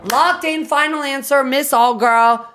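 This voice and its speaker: A woman streamer chatting casually on a live reaction stream, excitable, swearing often and doting on her pets. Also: high voice, a little slow, faint music behind.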